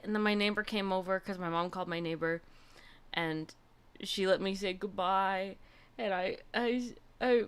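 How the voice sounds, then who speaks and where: A woman's voice: medium pitch, smooth. A young woman hosting a livestream, chatting casually and gushing through a personal story with lots of fillers. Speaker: livestream host.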